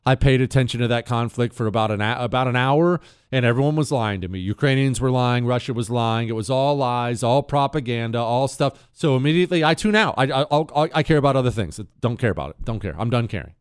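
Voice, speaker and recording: A man hosting a talk show, talking in a brash, animated and sarcastic way, mixing an ad read with political talk. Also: mid-range voice, fairly quick, clear, resonant tone, no echo, clean studio sound.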